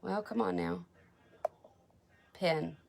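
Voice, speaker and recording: A woman's voice: fairly low pitch, wildly swooping pitch, very slow, vocal fry, a little mellow, slight background noise. A woman selling beauty products in a live makeup demo, chatty and gushing, answering viewer comments as she goes.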